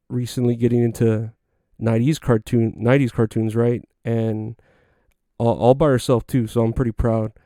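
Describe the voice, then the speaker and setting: Laid-back profane man with mellow voice. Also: medium pitch, no echo, studio quality. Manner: loose, profane storytelling with frequent fillers. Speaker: podcast host. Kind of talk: casual solo podcast monologue.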